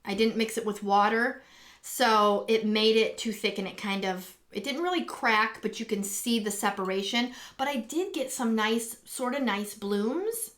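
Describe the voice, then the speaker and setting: Woman host, higher voice, rambling live-stream chat from home, excitable with viewers. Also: measured pace. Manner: chatty and rambling, many ums and restarts; excitable and gushing when greeting viewers. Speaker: live stream host and acrylic pour artist. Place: home, indoors.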